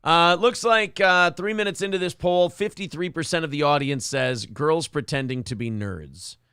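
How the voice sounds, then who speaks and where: A man's voice: a little high, normal speed, sharp tone, clean tone, no room sound, studio quality. A man hosting a morning show, reading live chat aloud in a crude, joking, self-mocking way. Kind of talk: casual profane chat.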